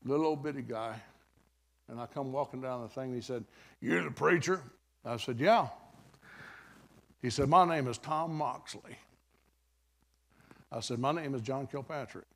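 Older preacher telling a folksy story. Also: male voice, mid-range voice. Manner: folksy, conversational, dramatic storytelling with bursts of shouting. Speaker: revival preacher. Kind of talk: storytelling sermon.

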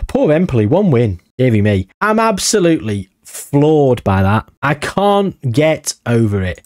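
A young man giving casual, excitable commentary on a football management game, swinging from musing to amazed outbursts. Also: medium pitch, brisk, no echo, clean studio sound. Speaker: gaming YouTuber.

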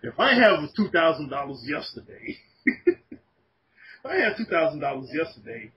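A podcast guest with a fairly high voice speaks at a measured pace, pausing often. He tells animated, profane stories in casual podcast chat, laughing along the way. The recording is dull lo-fi podcast audio with faint noise.

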